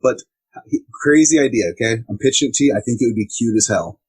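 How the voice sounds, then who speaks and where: A man co-hosting a podcast in casual chat, playful and fond of pitching silly ideas. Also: fast talker, slightly rough, no echo, rough recording. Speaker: podcast co-host.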